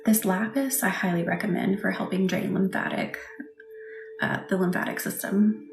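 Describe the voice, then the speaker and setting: Soft-spoken woman in an echoey room. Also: medium pitch, steady tone, normal speed, vocal fry. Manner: soft, reassuring, often drops to a whisper. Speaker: Reiki practitioner hosting a live session. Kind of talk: livestream chat with viewers. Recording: echoey room with faint background noise.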